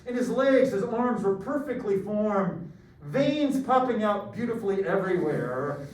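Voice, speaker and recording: A man's voice: high-pitched, expressive, unhurried, darkish tone. A middle-aged man teaching a math class, joking and rambling through stories. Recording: echoey room from far off, faint noise.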